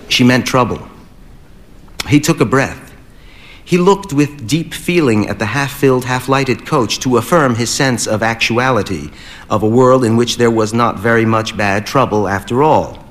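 Man reading a story aloud, measured. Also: mid-range voice. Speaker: narrator. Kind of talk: scripted audiobook narration.

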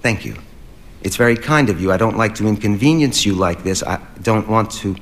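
A man reading the lines of a timid, distraught woman who turns threatening, in a soft, hushed voice. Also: fairly low pitch, lively intonation, fairly quick. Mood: pleading. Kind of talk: audiobook character reading.

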